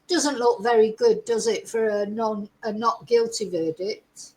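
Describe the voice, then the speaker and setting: A woman with a slightly high voice talks through a crime case in loose, chatty commentary. She is opinionated and drily sarcastic, and she clears a frog from her throat now and then. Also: steady tone, unhurried, a little mellow, rough recording. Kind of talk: casual commentary to camera.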